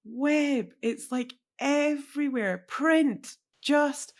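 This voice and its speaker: A woman co-hosting a podcast in casual industry chat, animated and full of restarts and asides. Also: high-pitched, extremely slow. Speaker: podcast co-host.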